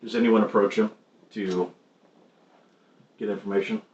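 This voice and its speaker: A man narrating as game master of a tabletop game, halting with many ums and restarts. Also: fairly low pitch, fairly even intonation. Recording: roomy, muffled stream audio with faint noise.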